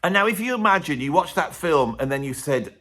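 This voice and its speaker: Animated man ranting to camera. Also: a little high, fairly quick. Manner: animated, sarcastic, swings between loud and muttered asides. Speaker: music vlogger. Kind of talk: casual opinionated rant to camera.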